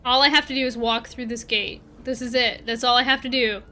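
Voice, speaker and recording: A woman's voice: on the high side, steady tone, brisk, pushed and bright. A woman from Canada with a Canadian accent, chatting casually with her viewers while streaming a game and answering their messages. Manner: chatty, talks back to chat while playing. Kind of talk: casual livestream chat.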